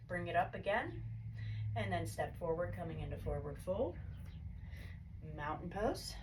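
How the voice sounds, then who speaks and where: A woman yoga instructor calmly cueing poses and breaths in a guided class, her throat a little choked up. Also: fairly low pitch, measured pace, long pauses. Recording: distant mic with faint background hiss.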